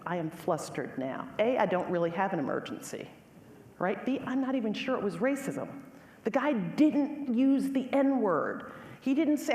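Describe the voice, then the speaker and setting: A middle-aged woman giving a lecture, telling a personal story in an animated, emphatic way and speaking directly to the audience. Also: on the high side, moderate pace. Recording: echoey hall with faint ambience.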